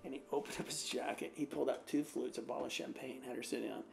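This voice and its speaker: A man's voice: mid-range voice, steady tone, fast, gravelly, slight background noise. A man, an American pastor, telling a rambling personal anecdote in a casual way, with lots of fillers. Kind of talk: casual storytelling.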